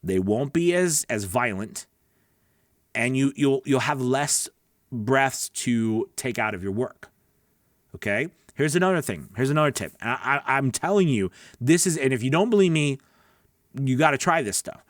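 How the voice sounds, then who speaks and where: Male voice-over coach, casual teaching talk, earnest, chatty, mid-pitched, dry close-miked sound. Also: expressive, normal speed, no echo. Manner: earnest, chatty, says "right?" often, restarts.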